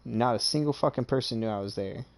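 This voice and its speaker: This streamer speaks in a mid-range voice at a quick pace, casually recounting a boastful, profane story from his own life. Amused and cursing freely, he keeps asking "okay?" to check in with the listener.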